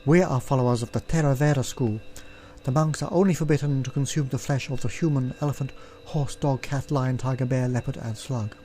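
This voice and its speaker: Stern female cook in a text game, dry and reproachful, mellow low voice read by a man. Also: fairly even intonation, a little fast, faint music behind, natural voice. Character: sharp-tongued female cook, stern and pious.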